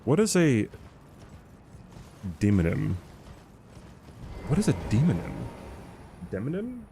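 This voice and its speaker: A man streaming a game, chatting casually with his viewers in an animated, argumentative, rambling way, swearing freely. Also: fairly low pitch, slow pace, creaky, background noise. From United States.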